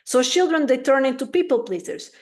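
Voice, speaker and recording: A woman with a fairly high voice speaks as a parenting coach in an interview. She explains at length, now and then slipping into lively quoted voices of parents. Her delivery is animated and friendly in tone. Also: fairly quick.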